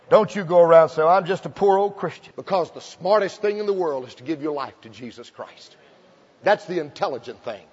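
Revival preacher, high voice, folksy stories building to fervent shouting, dull recording in a big echoing hall. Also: male voice. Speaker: pastor. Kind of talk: revival sermon. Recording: muffled old recording in a large hall.

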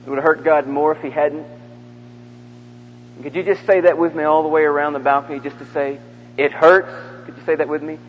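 A man's voice: on the high side, little pitch movement, quick pace, slight background noise. A male preacher leading a large church crowd in call-and-response during a sermon, coaxing them section by section. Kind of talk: interactive sermon. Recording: dull echoey hall recording from the mic.

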